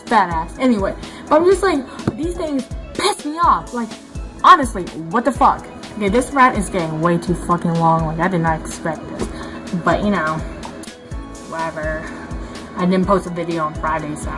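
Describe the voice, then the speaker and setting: A woman's voice: on the high side, fairly bright tone. A young woman vlogging a casual rant to camera, swearing freely and filling her talk with likes and you knows. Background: faint background music.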